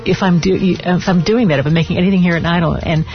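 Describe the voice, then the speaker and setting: Male talk radio host, slightly high voice, rambling delivery, muffled sound with soft music behind. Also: fairly even intonation, fast talker. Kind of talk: radio talk show hosting.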